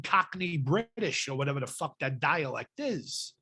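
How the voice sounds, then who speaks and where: A man's voice: fairly high pitch, big pitch swings, moderate pace, few pauses, sharp tone, husky. Profane ranting man. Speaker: podcast host. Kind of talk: casual chat.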